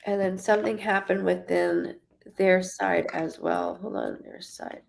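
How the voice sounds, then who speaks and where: Halting, stuttering woman psychic medium in her thirties. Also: lowish voice, fairly even intonation, creaky, slight background noise. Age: 30s. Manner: halting, stuttering, repeats words. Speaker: psychic medium giving readings. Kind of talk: live-streamed psychic reading.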